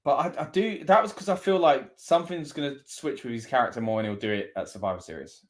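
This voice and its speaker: A man with a Scottish accent co-hosting a live wrestling watch-along, talking casually and breaking into excitable reactions. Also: mid-range voice, quick pace. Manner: excitable, bursts into loud reactions.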